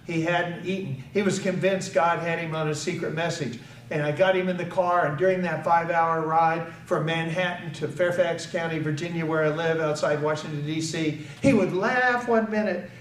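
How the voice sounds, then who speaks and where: An older man giving a public speech at an awareness event, telling a personal story and acting out the quoted dialogue with emphasis. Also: high-pitched. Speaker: invited speaker at an awareness event. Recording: echoey hall, picked up from far off, faint background noise.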